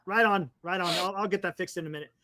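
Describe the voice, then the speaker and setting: A man's voice: high voice, fast, sharp tone. A man co-hosting a sports talk show, enthusiastic and chatty, saying "dude" a lot. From United States. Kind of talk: casual banter.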